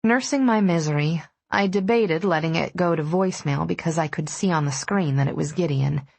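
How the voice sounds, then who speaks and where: A woman narrating a first-person romance audiobook in a steady, intimate storytelling manner. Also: low-pitched, normal speed, vocal fry, no room sound.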